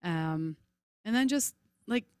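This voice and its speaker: A woman in her forties, a podcast guest in casual chat, telling lively stories and acting out voices. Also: fairly low pitch, slow pace, clean tone, dry recording, clean studio sound. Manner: chatty, animated storyteller, acts out voices.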